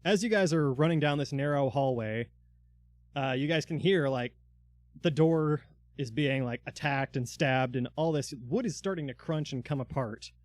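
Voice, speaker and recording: Give me a slightly high-voiced man running a tabletop game, chatty and filler-heavy, with a dry, close sound. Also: normal speed, dry recording. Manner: loose, filler-heavy narration. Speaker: dungeon master.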